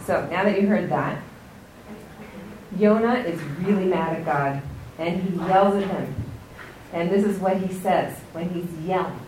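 A woman's voice: fairly low pitch, normal speed, a little mellow, a little hiss or hum. An American woman teaching a religious text lesson to a group in a conversational way, often asking "right?". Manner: conversational, keeps checking in with "right?". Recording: roomy, distant mic, faint ambience.

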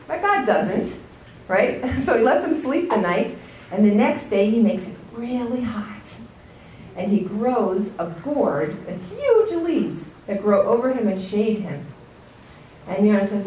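A woman's voice: mid-range voice, animated, a little slow, a little mellow, slight background noise. American woman teaching from a distance. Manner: conversational, keeps checking in with "right?". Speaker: religious teacher. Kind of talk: classroom text lesson. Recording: roomy, distant mic, faint ambience.

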